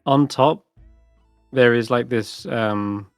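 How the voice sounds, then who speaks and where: Guy running a tabletop game, relaxed, lots of ums, dry close sound. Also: medium pitch, takes it slowly, no room sound, soft background music. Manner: relaxed, hesitant with many fillers. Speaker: dungeon master.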